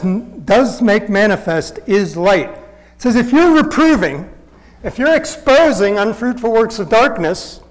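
A man's voice: very high voice, low-quality recording. A man preaching a sermon, teaching in an earnest, conversational way and pressing his points with emphatic repetition.

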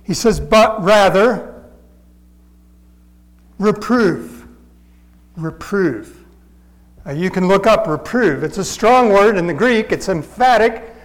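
Guy preaching in a church, pretty high voice, chatty but pushy, keeps hammering the same point. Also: animated, normal speed, low-quality recording. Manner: earnest, conversational teaching with emphatic repetition. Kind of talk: sermon.

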